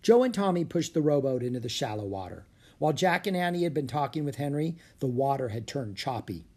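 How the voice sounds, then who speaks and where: An audiobook narrator reading a children's adventure aloud, steady and clear, shifting slightly into each character. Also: mid-range voice, brisk. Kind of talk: storybook read-aloud.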